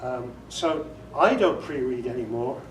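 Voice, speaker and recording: A man's voice: medium pitch, expressive, unhurried, a little hiss or hum. A man giving a casual workshop talk on audiobook narration, chatty and self-amused, laughing often and demonstrating inflections. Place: meeting room before a group. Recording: echoey room, recorded from far off.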